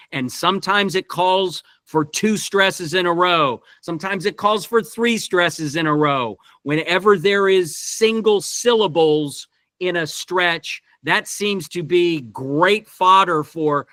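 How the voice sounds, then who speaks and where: A man's voice: fairly high pitch, sharp tone, no room sound. A man directing actors in a verse workshop over a video call, thinking aloud with many restarts. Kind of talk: teaching talk on Shakespeare verse.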